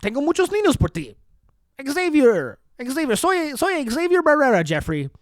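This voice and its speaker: Dude doing a high-pitched sleazy politician, fake spanish accent, over the top. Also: male voice, wildly swooping pitch, normal speed, no echo, clean studio sound, full character voice. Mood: sleazy gleeful. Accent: mock Spanish. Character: sleazy male politician, scheming.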